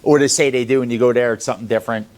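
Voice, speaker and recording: A man's voice: steady tone, rapid-fire, faint music behind. A man who runs a sales company, lecturing his staff in a blunt, profane motivational talk. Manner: blunt, profane, lecturing, swings between loud and low.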